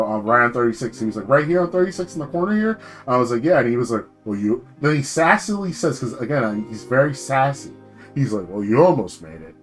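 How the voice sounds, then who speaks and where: A young man streaming as a VTuber, ranting casually about his job and swearing freely, with laughs and sudden jumps in pitch.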